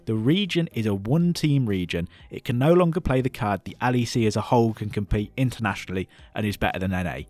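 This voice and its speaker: A young man with a British accent rants bluntly and with sarcasm, his voice sitting fairly low. The sound is close and dry, with no room around it. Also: animated, fast, hardly any pauses, darkish tone, no echo. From United Kingdom. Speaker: esports commentator. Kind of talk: opinionated video commentary.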